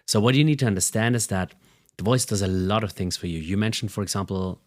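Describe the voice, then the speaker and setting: Lowish-voiced man explaining voice technique. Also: fast. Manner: animated, demonstrates voice melody with examples. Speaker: voice and communication coach, guest. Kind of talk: podcast interview.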